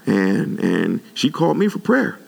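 A man's voice: huge pitch swings, unhurried, gravelly, darkish tone, long reverb tail, heavily acted. A man putting on a frantic, pleading church mother. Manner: high, breathless and pleading. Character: frantic worried church mother, middle-aged woman.

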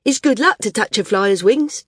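A woman's voice: mid-range voice, expressive, normal speed, a bit bright, husky, no echo, clean studio sound, voice pushed up. A woman voicing a cheerful village boy who talks in a playful, raised voice. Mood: teasing.

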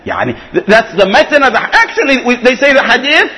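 Man, religious lecture, lively storytelling, high voice, echoing hall. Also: fast. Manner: animated, acts out quoted speech, frequent restarts. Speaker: religious teacher.

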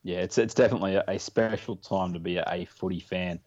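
Australian male podcast host, rapid and teasing, low voice. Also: fairly even intonation, darkish tone, dry recording, muffled recording. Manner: quick, jokey, chatty. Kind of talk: casual podcast chat.

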